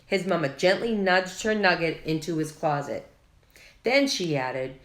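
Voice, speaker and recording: A woman reads a picture book aloud to young children, taking her time over every line. Her delivery is slow and expressive. The room around her rings with echo. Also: low-pitched. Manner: slow, expressive read-aloud with character voices. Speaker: children's story reader. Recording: echoey room.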